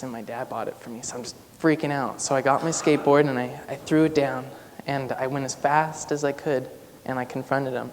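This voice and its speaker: A young male student on stage tells a personal story in a casual style, with a lot of "like" fillers. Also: medium pitch. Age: young adult. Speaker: student speaker. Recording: long hall reverb, faint noise.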